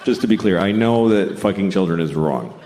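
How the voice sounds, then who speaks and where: Blunt deadpan stand-up comedian, low voice. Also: male voice, brisk. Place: stage before a laughing audience. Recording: live stage recording with audience noise. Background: audience laughter.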